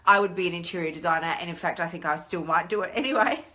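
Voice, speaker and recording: Bright chatty Australian woman. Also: lowish voice, fast talker. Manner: chatty and animated, acts out inner voices. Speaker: weight-loss coach hosting a live stream. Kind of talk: casual live-stream talk.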